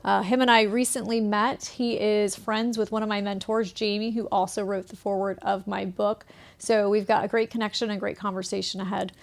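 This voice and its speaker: Woman, podcast host, gravelly fry, enthusiastic, upbeat. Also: medium pitch, little pitch movement, brisk. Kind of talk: casual interview.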